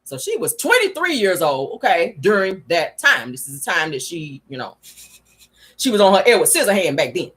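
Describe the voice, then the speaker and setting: A woman's voice: on the low side, sing-song, normal speed, fairly bright tone. A woman vlogger giving sassy, blunt gossip commentary from her car, laughing often and swearing freely. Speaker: vlogger and show host.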